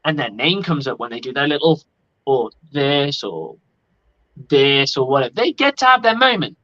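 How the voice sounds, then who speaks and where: A man's voice: mid-range voice, sing-song, normal speed, sharp tone. A man talking casually on a sports podcast, blunt and opinionated and swearing freely. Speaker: podcast co-host. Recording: lo-fi audio.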